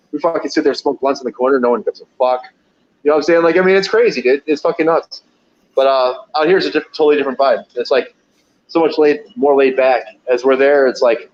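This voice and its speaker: A man's voice: medium pitch, a little hiss or hum. A man telling wild delivery-job stories in a loose, profane, rambling way, laughing often and acting out what people said. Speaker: podcast guest, pizza delivery driver. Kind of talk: casual storytelling. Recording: dull lo-fi audio.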